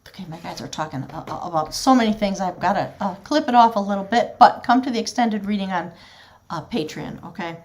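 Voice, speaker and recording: A woman's voice: mid-range voice, fairly quick. A woman gives a spiritual tarot reading, talking directly to her audience in an earnest, flowing manner. Her voice sits in an ordinary middle range for a woman, and she sounds heartfelt and sincere throughout. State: choked up with emotion at times. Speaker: tarot reader.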